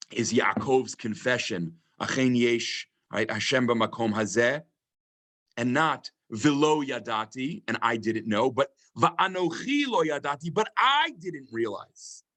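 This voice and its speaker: A man's voice: mid-range voice, a little slow, fairly bright tone. A man leading a text study class. He reads Hebrew verses aloud, translates them and reflects on them thoughtfully, with many ums. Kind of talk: online text study lecture.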